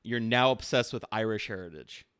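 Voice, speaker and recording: A man's voice: lowish voice, fairly bright tone, smooth, dry recording, clean studio sound. A man streaming a casual chat with an AI character, teasing and playful. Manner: teasing, playful, quick to laugh.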